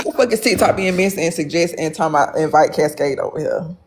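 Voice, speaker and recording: Man, higher-pitched voice, live-stream gossip, profane, rambling, repeats himself. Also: fast talker, slight background noise. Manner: gossipy, calls viewers honey. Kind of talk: casual live-stream chat.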